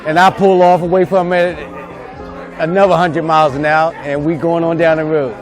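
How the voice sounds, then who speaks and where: A man giving a halting, emotional spoken tribute to a close friend. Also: a little high, flat delivery. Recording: music and crowd chatter behind.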